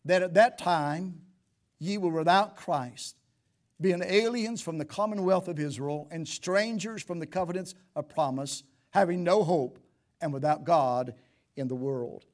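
A man pastor preaching a sermon in a church, rising to loud emphatic peaks and dropping to quiet pleading, with old scripture phrasing. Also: fairly high pitch, unhurried.

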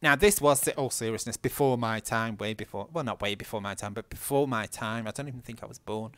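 This man's voice is lowish, brisk and fairly bright. He's a gaming vlogger with a Northern English accent who cheerfully swears as he tells a story while playing.

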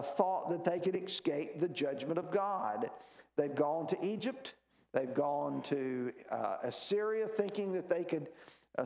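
A man's voice: fairly high pitch, vocal fry, a little mellow. Man teaching Bible study in an echoey room. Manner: reads scripture aloud with rising emphasis, explains plainly with fillers. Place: church meeting room.

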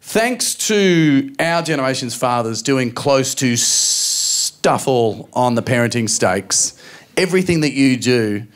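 A man in his thirties with an Australian accent, performing a stand-up comedy routine and acting out quick voices of his family. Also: mid-range voice, expressive. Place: live comedy venue with audience laughter.

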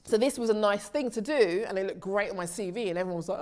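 A woman, a TV director, telling animated stories about her career as an interview guest, often restarting her sentences and laughing easily. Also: mid-range voice, fast talker. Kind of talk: casual interview storytelling.

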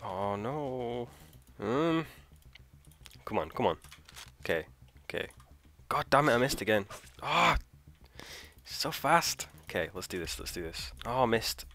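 A man hosting a let's play, thinking aloud, trailing off, swearing and shouting in frustration as he plays. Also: mid-range voice, sing-song, a little slow, long pauses. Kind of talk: live gameplay commentary.

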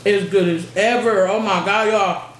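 A woman's voice: mid-range voice, fairly even intonation, measured pace. A young woman hosting a mukbang vlog, chatting playfully and laughing while she eats. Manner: playful, laughing, says "period" often. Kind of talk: casual chat while eating. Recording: echoey room with background noise.

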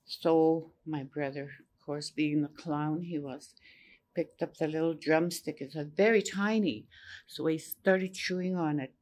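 Gentle older Cree-speaking woman storyteller. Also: low-pitched, steady tone. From Saskatchewan, Canada. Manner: gentle, unhurried, repeats phrases. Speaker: elder. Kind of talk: personal storytelling at a panel.

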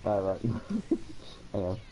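A man's voice: fairly low pitch, very animated, drawn-out words, warm tone, a little hiss or hum, low-quality recording. A man joking and laughing with friends over a voice call during a game. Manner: laughing, jokey, playful. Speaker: friend on voice chat. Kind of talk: casual chat over voice call.

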